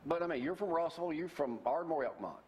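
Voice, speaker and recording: A man's voice: fairly high pitch, animated, fairly quick, darkish tone, slight background noise. A man with a Southern US accent hosting a local morning talk show, joking with guests and reading from articles. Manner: folksy, joking, reads articles aloud.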